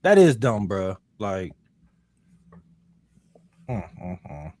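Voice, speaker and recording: A man's voice: on the low side, big pitch swings, very slow, a little mellow. A man chatting on a casual podcast, emphatic and heavy on swearing and "bro".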